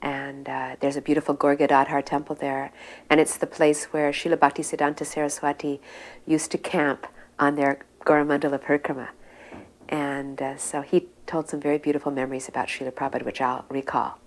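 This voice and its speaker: A woman with a lowish voice tells old anecdotes in an easy, meandering way. She speaks as a devotee sharing memories, unhurried and conversational. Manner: relaxed, meandering storytelling. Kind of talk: recounted anecdotes.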